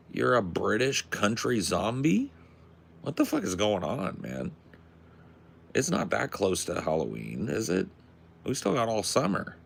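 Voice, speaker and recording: A male podcast host chatting casually, crude and joking, with an animated delivery. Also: low voice, creaky, slight background noise.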